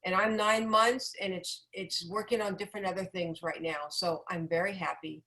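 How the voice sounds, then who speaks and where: A woman's voice: fairly low pitch, steady tone, normal speed, pushed and bright, rough recording. A woman chatting casually about her own experience, emphatic and laughing often. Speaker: product user sharing her experience. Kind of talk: casual testimonial chat.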